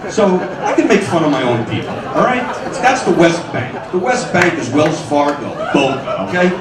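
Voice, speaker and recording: A stand-up comedian in his forties works a club stage, his voice a touch high and swinging widely from line to line. His delivery is wry and punchy. The sound is roomy and picked up from some way off the mic. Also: very animated, moderate pace, a loud crowd. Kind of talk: stand-up set. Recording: echoey club sound from far off.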